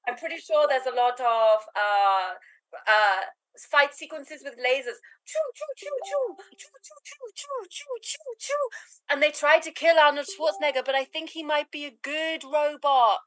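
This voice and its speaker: High-voiced woman improvising, dry sound. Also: animated, measured pace, a bit bright, dry recording, rough recording. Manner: chatty, tossing off silly asides. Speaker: improv performer. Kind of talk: improvised comic monologue.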